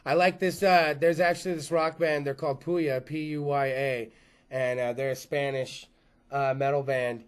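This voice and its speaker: A man hosting a casual talk show, loud and animated, swearing freely. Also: medium pitch, moderate pace, smooth. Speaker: podcast host. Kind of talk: casual chat.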